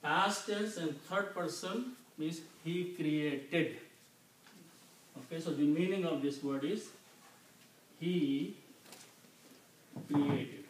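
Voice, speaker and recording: A man teaching Quranic Arabic vocabulary, explaining each word slowly and patiently, often checking in with "Okay?". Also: a little high. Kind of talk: slow explanatory lesson. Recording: echoey room, mic at a distance, faint noise.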